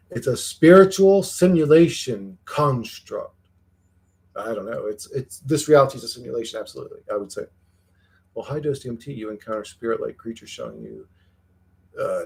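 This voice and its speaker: A man's voice: mid-range voice, gravelly, mellow. A man hosting a casual livestream, reading chat comments and rambling, swearing freely and repeating words as he starts sentences.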